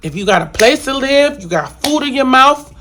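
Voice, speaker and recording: A woman's voice: high voice, expressive, normal speed, fairly bright tone, faint music behind. A woman vlogger giving an earnest, heartfelt monologue to her viewers, talking casually with slang and circling back to the same points.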